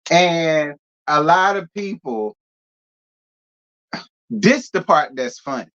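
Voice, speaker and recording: A man's voice: on the high side, lively intonation, slow pace, a bit bright. Sassy man in dull lo-fi gossip talk. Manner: sassy, talks straight to viewers. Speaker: celebrity gossip vlogger. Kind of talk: casual gossip commentary.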